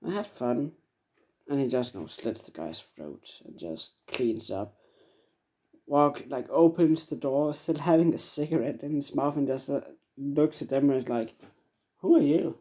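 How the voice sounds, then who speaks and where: A man's voice: medium pitch, expressive, moderate pace, mellow. A young man telling an improvised fan story, rambling with lots of fillers.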